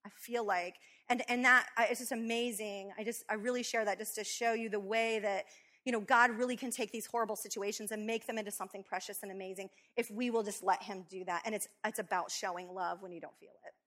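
A woman co-hosting a talk show with her husband, telling a personal story in a lively, quick way with many fillers. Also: mid-range voice. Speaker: co-host, wife. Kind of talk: storytelling in casual chat.

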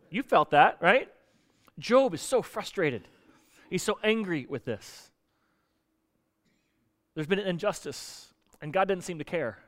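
A man preaching a sermon in a conversational, animated way, often putting questions to his listeners. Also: sits high, measured pace, pauses often. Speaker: pastor.

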